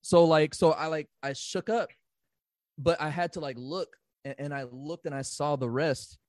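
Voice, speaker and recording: A man's voice: on the high side, moderate pace, no room sound, studio quality. A man in casual podcast chat, telling a story with lots of swearing and acting out his own panicked reactions. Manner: profane, excitable, acts out his own reactions.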